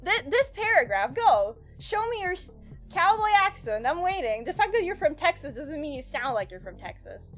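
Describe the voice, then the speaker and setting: Giggly high-voiced woman streamer. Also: big pitch swings, moderate pace, a bit bright, faint music behind. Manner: giggly, rambling storyteller with many fillers. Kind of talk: casual live-stream chat.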